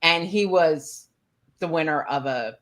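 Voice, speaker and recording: A man's voice: a little high, takes it slowly, a bit bright. A middle-aged man with a Southern US accent, a chatty podcast guest who laughs easily. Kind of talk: casual chat.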